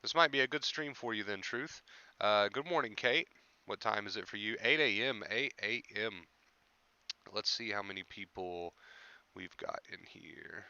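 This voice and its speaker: Young male stream host, bright crisp voice, dry slightly dull sound, reassuring and repetitive. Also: fairly low pitch, normal speed, no echo. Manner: repetitive, reassuring, greets viewers by name. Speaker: anxiety recovery coach and live-stream host. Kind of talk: casual live-stream talk.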